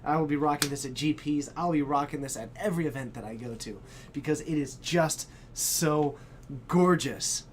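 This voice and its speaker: A man hosting a live stream, chatting with viewers in a hyped, exclamatory way and breaking into shouts. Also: a little high, normal speed, a little hiss or hum. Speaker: stream host. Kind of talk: excited live-stream chat.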